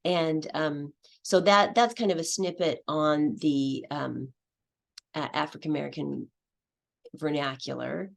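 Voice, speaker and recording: Low, gravelly-voiced woman presenting. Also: fairly even intonation, unhurried. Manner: explanatory, acts out student voices. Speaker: teacher trainer presenting at a conference. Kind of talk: conference presentation.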